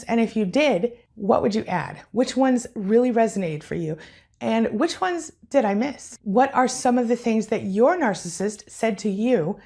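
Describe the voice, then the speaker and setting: A woman's voice: on the high side, darkish tone. A woman hosting an explainer video, chatty and speaking straight to her viewers. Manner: chatty, addresses viewers directly. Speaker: host.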